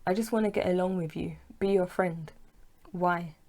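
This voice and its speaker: A woman's voice: on the low side, steady tone, normal speed, a little mellow, close to an everyday voice. A woman reading as a smug, pushy young man. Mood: persuasive.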